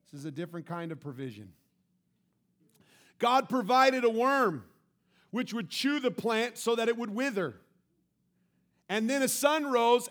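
A male pastor delivers a sermon in a high, bright-sounding voice. He reads scripture and acts it out, breaking into laughter and loud, excited outbursts.

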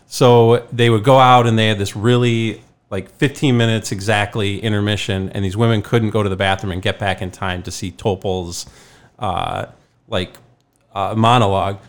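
A man's voice: on the low side, steady tone, normal speed. A man co-hosting a podcast, telling a job story in a rambling, easygoing way with laughs and restarts. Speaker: podcast co-host. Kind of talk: casual storytelling chat.

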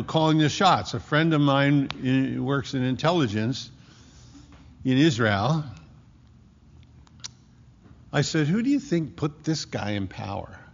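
Gravelly preacher in an echoing hall. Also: male voice, medium pitch. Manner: emphatic, slows down on key words. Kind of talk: sermon. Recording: muffled hall recording with long echo.

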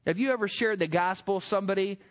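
A man preaching a sermon, emphatic and building to forceful peaks. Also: high voice, quick pace. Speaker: pastor.

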